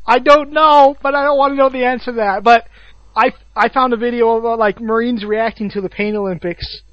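A man's voice: extremely high pitch, fairly even intonation, fairly quick, no echo. A young man in casual chat, telling crude stories and laughing often. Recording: dull lo-fi sound, dry.

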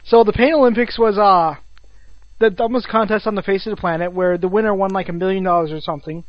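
A man's voice: high voice, steady tone, fast talker, no room sound. A young man in casual chat, telling crude stories and laughing often. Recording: dull lo-fi sound, dry.

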